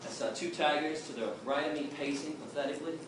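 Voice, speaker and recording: A man's voice: a little high, fast talker. A middle-aged man giving an impassioned, emphatic talk to a crowd, telling his story. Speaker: activist speaker. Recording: distant echoey room with noise.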